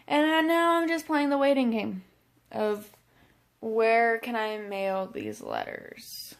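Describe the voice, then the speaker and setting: Slow, gravelly-voiced tired young woman. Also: a little high, huge pitch swings. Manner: tired, yawning, halting with many fillers. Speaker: vlogger. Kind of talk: casual vlog talk to camera.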